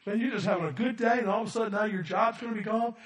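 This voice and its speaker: A man with a high-pitched voice preaching in a church sanctuary, recorded from a distance with a roomy echo. He drops to quiet, low asides and then builds to shouts, calling out for amens from the congregation. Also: rapid-fire. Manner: swings from soft and low to shouted emphasis, calls for amens. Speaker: pastor. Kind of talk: sermon. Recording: echoey room from off the mic.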